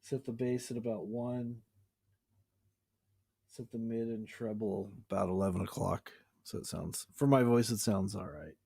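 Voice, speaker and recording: A man's voice: on the low side, steady tone, unhurried, gravelly, warm tone, husky. A man casually showing off his home recording gear in a rambling, easygoing way. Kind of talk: casual show-and-tell chat. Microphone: webcam.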